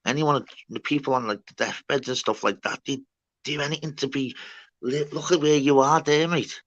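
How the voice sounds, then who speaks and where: A man, chatting casually with a friend as host of a livestream, slangy and loud. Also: medium pitch, steady tone, normal speed, highs cut off.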